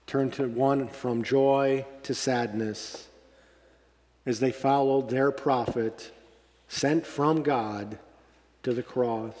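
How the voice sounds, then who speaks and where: A man preaching a sermon as pastor, slow and deliberate, lifting his voice on emphatic phrases. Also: medium pitch, darkish tone, in a large hall.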